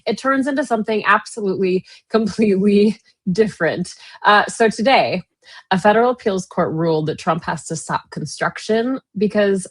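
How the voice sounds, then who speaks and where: A woman's voice: mid-range voice, moderate pace. Wry chatty Minnesotan woman co-host. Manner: chatty, wry, sarcastic asides. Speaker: guest co-host. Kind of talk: casual political chat.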